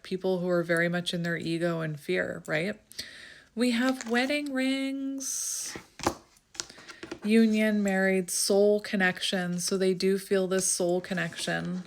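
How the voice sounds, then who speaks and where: A woman doing a casual tarot reading to camera, chatty and thinking aloud as she draws cards, with frequent laughs and bursts of excitement. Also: medium pitch, slight background noise. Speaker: tarot reader.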